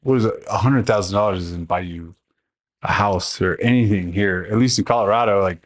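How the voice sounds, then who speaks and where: Low-voiced blunt man, dry sound. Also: fairly quick, no echo. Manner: blunt, slangy. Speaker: podcast co-host, former fighter. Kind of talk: casual chat.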